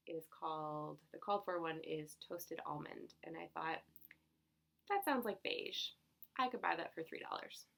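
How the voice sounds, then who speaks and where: A young woman vlogs about her stitching finds in a relaxed, rambling chat. Her voice sits low and carries a lot of vocal fry, and she breaks into giggles and fillers as she goes. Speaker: cross-stitch vlogger. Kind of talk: casual chat.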